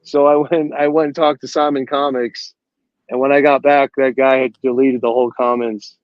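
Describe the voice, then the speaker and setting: A man's voice: mid-range voice, little pitch movement, moderate pace, no room sound. A man showing off comic books in a casual video-call chat, telling stories as he goes. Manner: chatty show-and-tell, storytelling. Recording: dry, dull lo-fi call audio.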